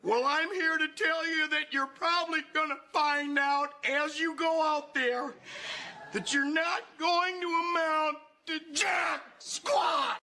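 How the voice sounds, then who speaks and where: Brief: booming, overbearing motivational speaker, very high and piercing, gravelly, shouting and lecturing. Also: male voice, steady tone, slow, slight background noise, heavily acted. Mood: bellowing. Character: loud, overbearing middle-aged male motivational speaker. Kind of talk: comedy impression.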